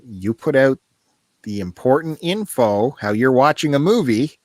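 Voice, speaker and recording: A man's voice: medium pitch, lively intonation, unhurried, no echo. A man co-hosting a podcast over a call, chatting casually in a joking, sarcastic way. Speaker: podcast co-host.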